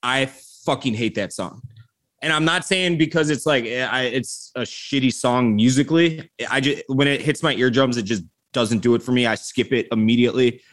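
A man's voice: mid-range voice, normal speed, fairly bright tone. A man co-hosting a podcast, giving blunt, profane opinions in casual chat. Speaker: podcast co-host.

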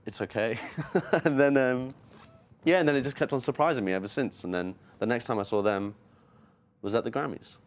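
A man from near London with an English accent, chatting in a relaxed way as a musician guest in an interview, laughing often. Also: mid-range voice, fairly quick. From near London, England. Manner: laid-back, laughs often, ends phrases with "man". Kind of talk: casual interview chat. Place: music venue in Las Vegas.

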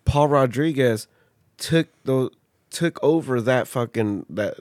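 A man's voice: medium pitch, slow, a little mellow, dry recording, clean studio sound. A man co-hosting a podcast in loose, joking, swear-filled casual chat. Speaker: podcast co-host.

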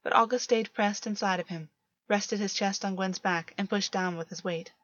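A woman narrating a romance story in a steady, measured reading voice. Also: medium pitch, no echo. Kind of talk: audiobook reading of fan fiction. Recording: dull lo-fi, dry.

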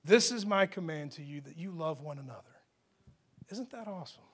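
A man preaching a conversational sermon, moving between rising emphatic peaks and hushed, quieter asides. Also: fairly high pitch, expressive, brisk, slightly rough. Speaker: pastor. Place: church hall.

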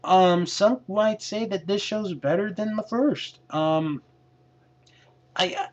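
A man's voice: high voice, takes it slowly. Man recapping in a muffled lo-fi recording. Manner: hesitant, with many fillers and restarts. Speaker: wrestling show reviewer. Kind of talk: casual recap monologue. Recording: lo-fi dull recording.

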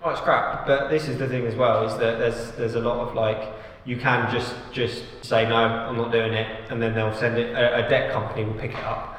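A man with a mid-pitched voice chats casually as a podcast guest, rambling with plenty of fillers. His voice echoes with a long reverb, over faint background noise. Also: little pitch movement, brisk, fairly bright tone. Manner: chatty, agreeing, rambling with fillers. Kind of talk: casual chat.

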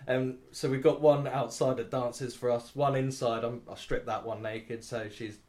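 A man's voice: medium pitch, steady tone, moderate pace, a little mellow. A man, a podcast co-host in casual chat, crude and laughing often as he rambles.

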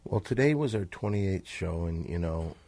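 A man's voice: deep voice, expressive, moderate pace, creaky, mellow, no echo. A man hosting a comedy podcast, dry and teasing, on a close mic. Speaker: podcast host.

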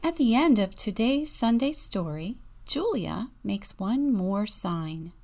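A woman's voice: mid-range voice, lively intonation, slow, a little mellow. A woman deacon reading a children's picture book aloud, dropping into whispers for suspense and acting out the sound words.

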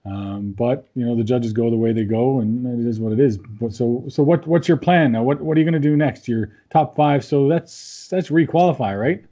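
Husky, mellow-voiced male interviewer. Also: medium pitch, muffled recording. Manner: halting, repeats words, frequent "you know what". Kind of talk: casual interview.

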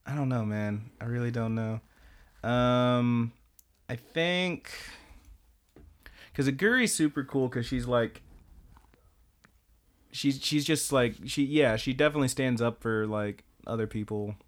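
A man's voice: medium pitch, a little slow, long pauses. A young man co-hosting an anime podcast, rambling in casual chat, joking and swearing freely. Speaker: podcast co-host.

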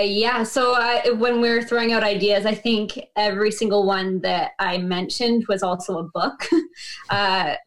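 A woman from Canada, a guest on a podcast, chatting casually and laughing often. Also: mid-range voice. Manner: giggly, chatty, quick to laugh.

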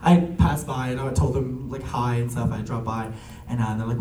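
A young man telling family stories in casual chat, animated and laughing often, with lots of fillers. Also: mid-range voice, quick pace, a crowd in the background. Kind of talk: casual storytelling. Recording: echoey room, a bit far from the mic.

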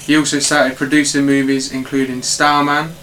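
A man hosting a casual film podcast, reading out facts in a halting way with many fillers. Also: mid-range voice, flat delivery, fairly bright tone, a little hiss or hum, poor audio. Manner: halting, filler-heavy delivery. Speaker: podcast host.

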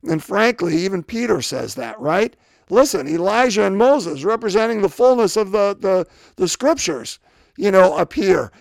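A man's voice: sits high, lively intonation, moderate pace, creaky, dry recording, clean studio sound. A man preaching a sermon in a loose, conversational way, asking rhetorical questions and acting out the scripture quotes. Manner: acts out scripture quotes with voices.

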